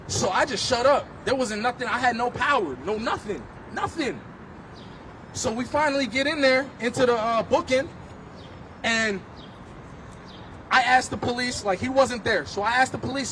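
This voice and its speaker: A man with a notably high voice gives impassioned personal testimony outdoors on a city street, telling his story vividly and pressing each point with emphasis. Faint traffic hum sits underneath. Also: moderate pace, sharp tone. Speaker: speaker at a street march.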